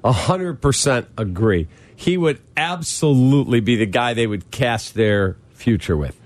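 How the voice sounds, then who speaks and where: Animated sports radio co-host, man. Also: medium pitch, a little slow, no echo. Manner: animated, emphatic, rhetorical questions. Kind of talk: sports talk radio chat.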